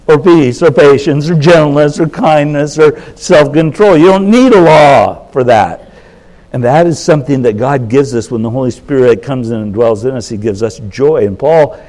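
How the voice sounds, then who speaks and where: Older male pastor in his seventies, mid-pitched, folksy sermon delivery with bursts of animated emphasis. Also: low-quality recording. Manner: folksy, self-interrupting. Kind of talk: conversational sermon.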